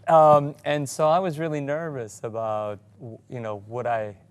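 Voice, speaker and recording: An actor on a cast panel, telling a self-deprecating story with a laugh. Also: male voice, medium pitch, level tone, normal speed, smooth. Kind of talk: casual anecdote telling.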